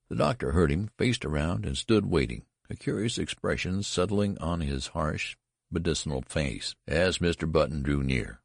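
A man narrating a classic story as an audiobook, with measured, expressive storytelling. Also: a bass voice, vocal fry, dry recording, clean studio sound.

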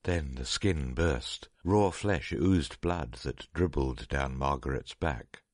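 A man reading a story aloud in a measured, dramatic narration. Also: rumbling low, no room sound, clean studio sound.

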